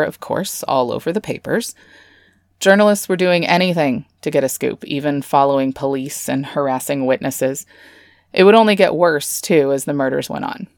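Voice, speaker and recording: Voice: mid-range voice, no echo. Dry, sarcastic true-crime podcast host. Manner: sarcastic asides, casual swearing. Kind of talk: comedic true-crime narration.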